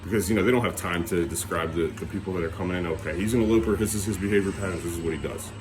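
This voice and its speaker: A man's voice: deep voice, rapid-fire, background noise. A man talking casually to his young son as a father, playful and coaxing, teasing him now and then.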